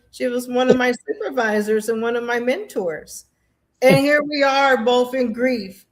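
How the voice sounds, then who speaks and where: A middle-aged woman shares memories in a lively, storytelling way, slipping into the voices of people she quotes. Her voice sits a little high for a woman. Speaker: guest, Air Force veteran. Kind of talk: emotional conversation about grief.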